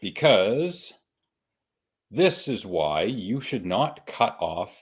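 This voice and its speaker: A man's voice: on the low side, very animated, extremely slow, slightly rough. A male podcast host in casual chat. He jokes, laughs often and repeats himself as he steers the show.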